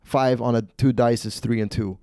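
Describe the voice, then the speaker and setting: Man, rambling profane storyteller, podcast host, mellow tone, dry studio mic. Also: medium pitch, steady tone, moderate pace, smooth, no room sound. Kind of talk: comedic storytelling.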